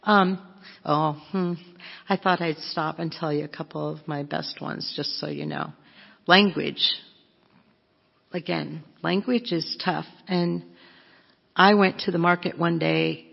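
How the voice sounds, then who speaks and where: Gravelly husky woman telling stories. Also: low voice, fairly even intonation, slow pace, pauses often. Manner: chatty, self-mocking, laughs often. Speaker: missionary speaker. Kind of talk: humorous storytelling talk. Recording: dull lo-fi with long hall echo.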